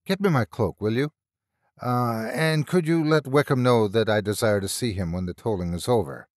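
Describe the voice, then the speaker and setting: A male narrator voicing a formal, brisk country rector giving orders in a storybook reading. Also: mid-range voice, no room sound, studio quality, lightly acted. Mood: alarmed. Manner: brisk, formal and a little impatient. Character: brisk middle-aged country rector, impatient and proper.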